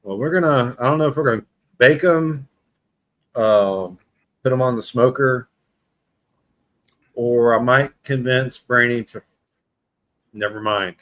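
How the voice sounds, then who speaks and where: A man's voice: mid-range voice, measured pace, long pauses, fairly bright tone. Male host, easygoing banter, mid-range voice, casual panel chat. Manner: joking, bantering.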